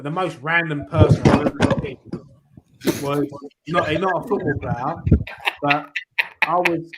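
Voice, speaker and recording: A man's voice: a little high, fairly bright tone, slight background noise, low-quality recording. Casting: middle-aged man, raised voice, rambling storyteller with restarts on a fan chat show. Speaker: fan channel host. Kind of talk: casual chat.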